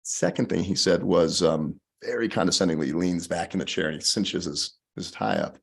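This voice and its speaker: A deep-voiced man with a gravelly, husky edge recounts his story as a podcast guest. He talks in a lively, animated way and acts out the people he quotes. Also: moderate pace. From Colorado. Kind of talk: storytelling in conversation.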